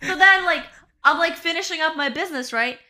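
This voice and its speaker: A woman's voice: very high-pitched, fairly quick, over a noisy crowd. A young woman co-hosting a podcast, telling a casual story, swearing and often adding "bro" and "right?". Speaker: podcast co-host. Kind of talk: casual chat.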